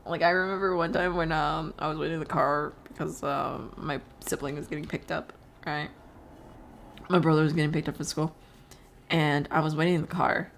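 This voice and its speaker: A woman's voice: low voice, steady tone, moderate pace, vocal fry, a little hiss or hum. A teenage girl live streaming, chatting casually and rambling through stories, laughing often and swearing freely. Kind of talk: casual chat while drawing on stream.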